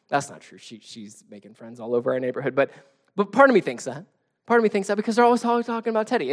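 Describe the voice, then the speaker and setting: A man in his thirties preaching a conversational sermon as a pastor, telling stories with casual, self-deprecating humor. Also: medium pitch.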